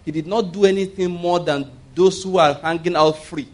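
Conversational preacher, high-ish man's voice. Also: fairly even intonation, normal speed, darkish tone. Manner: conversational, rhetorical questions, call-and-response. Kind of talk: sermon.

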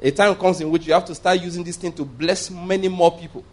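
A man's voice: high-pitched, steady tone, quick pace. Emphatic man preaching a sermon. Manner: emphatic, repeats points, rhetorical questions. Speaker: pastor.

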